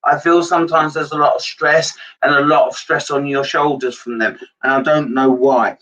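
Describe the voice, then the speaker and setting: Man, medium on a live stream, rambling and hesitant, bright-edged voice, dull far-off mic. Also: fairly high pitch, fairly even intonation, moderate pace. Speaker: psychic medium. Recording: dull lo-fi sound from a distance.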